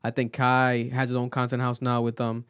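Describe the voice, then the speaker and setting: Podcast co-host, male, mid-pitch, chatty and animated, repeats and restarts a lot, dry close mic. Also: moderate pace, clear, resonant tone, dry recording. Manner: animated, rambling with many restarts and fillers. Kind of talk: casual podcast chat.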